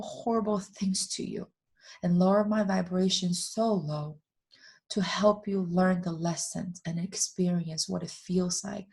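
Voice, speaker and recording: A woman voicing a loving, earnest helper soul in a spoken story, soft and partly whispered. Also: on the low side, slightly rough.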